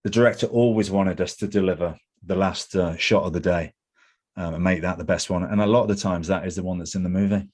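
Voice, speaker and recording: Deep-voiced Englishman telling stories. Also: fast talker. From England. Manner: candid, anecdotal, animated when quoting others. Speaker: actor guest. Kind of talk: interview conversation.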